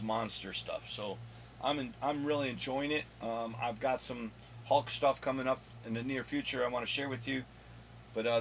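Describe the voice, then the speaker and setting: A man hosting his own video countdown of comic finds, rambling and joking with his son off camera, with a slightly hoarse voice. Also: mid-range voice, fairly bright tone, slight background noise. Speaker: comic collector and channel host.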